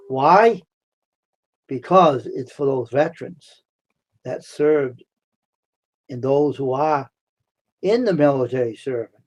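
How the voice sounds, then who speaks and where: A man hosting a casual live stream from the United States, answering his chat by name, repeating himself, worked up at times and then calming his viewers down. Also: medium pitch, slow, long pauses, dull audio. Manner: talks back to chat, repeats himself, heated then soothing.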